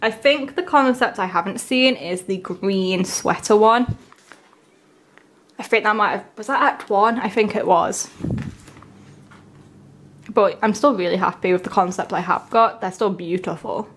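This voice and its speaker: A young woman, chatting casually and gushing with excitement as she unboxes albums. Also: mid-range voice, unhurried, long pauses. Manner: gushing, excitable, breaks into gasps and soft whispers.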